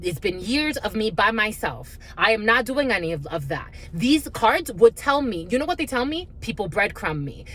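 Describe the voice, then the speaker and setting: A woman's voice: medium pitch, big pitch swings, moderate pace, few pauses, a bit bright. Profane, heated woman tarot reader. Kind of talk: spiritual card reading, ranting.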